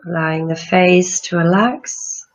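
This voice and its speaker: A woman yoga teacher leading a guided breathing meditation with slow, soothing instructions. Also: lowish voice. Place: room with chairs, not a studio. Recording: dull lo-fi sound.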